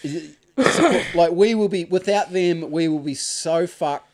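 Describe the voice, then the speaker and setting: A man's voice: fairly high pitch, moderate pace. New Zealand man chiming in agreeably. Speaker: podcast co-host. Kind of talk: casual podcast banter.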